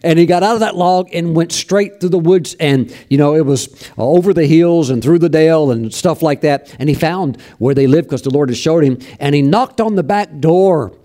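A man's voice: a little high, normal speed, hardly any pauses, warm tone. A man preaching a sermon, telling a story with fervent emphasis and bursts of praise.

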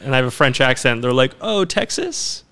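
A man's voice: mid-range voice, completely flat delivery, racing, pushed and bright, smooth. A man hosting a podcast, bantering with sarcastic jokes in casual chat. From Canada.

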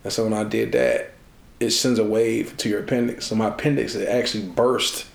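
A man being interviewed, telling a personal story in a lively way and acting out the voices of the people in it. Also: on the low side, brisk, vocal fry. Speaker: interview guest. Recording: echoey room.

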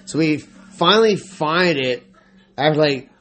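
A man's voice: on the high side, animated, unhurried, fairly bright tone. A man co-hosting a podcast, telling a story in casual chat, laughing often, swearing, and acting out what people said. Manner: laughing, swearing, acts out quotes. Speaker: podcast co-host.

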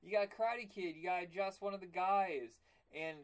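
A man co-hosting a casual movie podcast over a remote call, rambling and animated, swearing now and then. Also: sits high, moderate pace. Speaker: podcast co-host.

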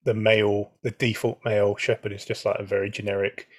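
A man co-hosting a podcast in casual chat, chiming in with quick offhand remarks. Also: lowish voice, little pitch movement, no room sound. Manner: quick interjections, offhand and chatty. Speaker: podcast co-host.

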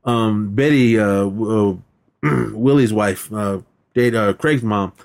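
A man's voice: lowish voice, takes it slowly, vocal fry. A man co-hosting a podcast, retelling a movie plot in a rambling, casual way with many restarts. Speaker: podcast co-host. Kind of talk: casual chat.

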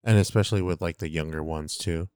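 Deep-voiced man telling a story casually. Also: fast talker, a little mellow, clean tone, dry recording, clean studio sound. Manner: profane, storytelling with quoted voices. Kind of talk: casual chat.

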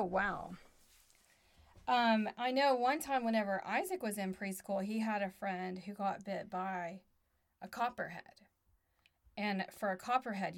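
A woman with an ordinary mid-range voice co-hosts a casual podcast from a playroom at home. She leads the talk by gently quizzing her young child with simple questions. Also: medium pitch, creaky. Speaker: podcast co-host and mother.

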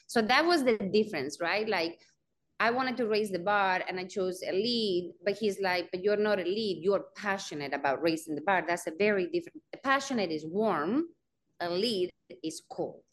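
A woman telling a story in a relaxed interview, animated and expressive. She acts out the other voices as she goes. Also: mid-range voice, normal speed. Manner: animated, acts out quoted dialogue. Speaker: guest, real estate company founder.

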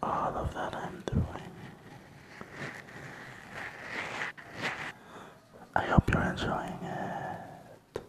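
A man with a Filipino accent hosting a whispered ASMR podcast, talking softly and rambling to his listeners while he switches between languages. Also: slow. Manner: soft, rambling, code-switching, talks to listeners. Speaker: podcast host. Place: small home studio.

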